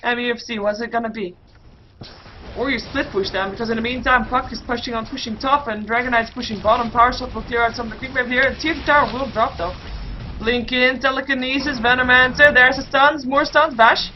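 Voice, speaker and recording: Woman casting an esports match, excited. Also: fairly high pitch, slight background noise. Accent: Dutch. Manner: rapid play-by-play, excited bursts in fights, many fillers. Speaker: esports caster. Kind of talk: solo play-by-play game commentary. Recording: muffled lo-fi stream audio.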